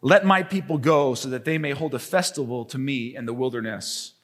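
A man preaching a sermon as pastor, animated and acting out the story's characters in different voices. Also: mid-range voice, fairly quick.

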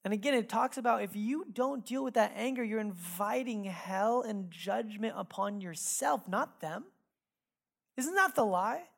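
A woman pastor preaching a sermon in a casual, candid storytelling manner, full of fillers and asides, swinging between lively emphasis and quiet, hushed reflection. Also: mid-range voice, a little slow, vocal fry.

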